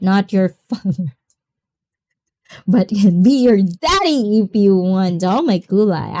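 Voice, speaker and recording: Slow, mellow woman host. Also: mid-range voice. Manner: effusive, greets viewers by name, mixes in Filipino exclamations. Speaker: livestream host. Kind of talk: casual livestream chat reading comments.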